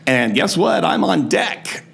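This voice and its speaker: A man tells a comic story as a podcast guest, animated and often laughing. His voice sits a bit high and moves up and down a lot. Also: takes it slowly, gravelly.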